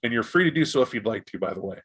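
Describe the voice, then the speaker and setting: A man narrating as game master of a tabletop role-playing game, animated and jumping into characters' voices. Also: mid-range voice, very fast, slightly rough. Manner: animated, voices gang members in bursts.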